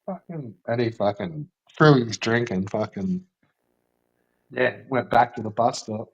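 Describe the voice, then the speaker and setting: A man's voice: on the low side, unhurried, husky, muffled recording. A man telling a rambling, swear-filled story in casual chat, with lots of fillers.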